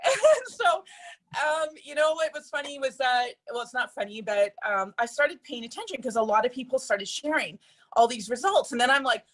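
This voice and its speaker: A woman speaks to a group of friends in a personal testimonial. Her voice sits a little higher than most. She talks in a chatty, earnest way and fills her sentences with ums and you-knows. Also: expressive, fairly quick, a bit bright. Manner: chatty and earnest, with frequent fillers.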